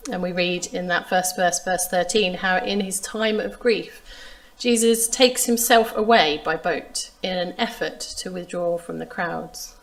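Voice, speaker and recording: A woman preaching a sermon, retelling a Bible story in a measured, expressive way. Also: lowish voice. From England. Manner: measured, expressive reading of scripture.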